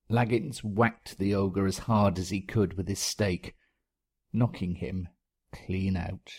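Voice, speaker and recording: A man's voice: sits low, steady tone, slow pace, a little mellow, breathy edge. A man reading a short story aloud as a storyteller. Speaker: story reader.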